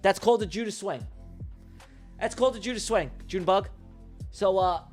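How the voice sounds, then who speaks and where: Male trading streamer, high-pitched, emphatic and repetitive, casual swearing, faint music behind. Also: normal speed, long pauses. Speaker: livestream trading host. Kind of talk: live day-trading commentary.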